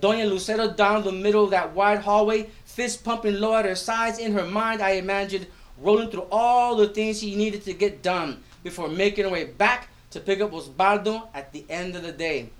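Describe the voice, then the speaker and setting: A man with a notably high speaking voice reads his own prose aloud at a live event. He tells it expressively and slips Spanish phrases into the narration. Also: normal speed, hardly any pauses. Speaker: teacher. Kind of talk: live literary reading.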